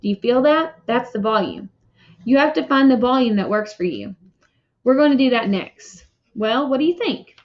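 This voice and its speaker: A woman's voice: fairly high pitch, animated, normal speed, natural voice. A woman voicing a friendly, chatty male ear doctor who talks in an upbeat, reassuring way. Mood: cheerful. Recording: dull lo-fi recording.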